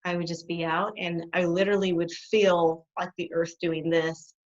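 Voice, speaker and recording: A middle-aged woman, a guest behaviour specialist, telling her stories in an animated way and laughing often. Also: on the low side, moderate pace. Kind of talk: conversational interview. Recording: dull lo-fi sound.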